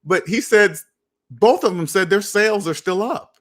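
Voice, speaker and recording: A man's voice: high voice, lively intonation, moderate pace, fairly bright tone. A man hosting a personal finance livestream, talking emphatically to his chat, repeating points and asking rhetorical questions.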